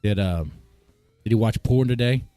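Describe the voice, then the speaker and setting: A man's voice: lowish voice, normal speed, dark tone, smooth, dry recording. A man streaming live, reacting with bemused chatter to his viewers and stammering when surprised. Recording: dry close mic with faint guitar music.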